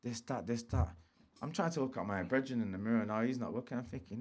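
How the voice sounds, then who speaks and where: A man's voice: medium pitch, quick pace. A man, a guest telling street stories in a slangy, swearing style and acting out quotes. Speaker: interview guest. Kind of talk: casual storytelling.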